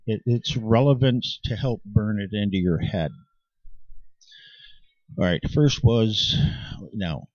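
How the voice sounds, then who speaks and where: Here the man's pitch sits fairly low and his tone is darkish as he insists passionately to his viewers, restarting sentences again and again. He's the channel host, speaking emphatically. Dry, dull lo-fi audio carries no room sound.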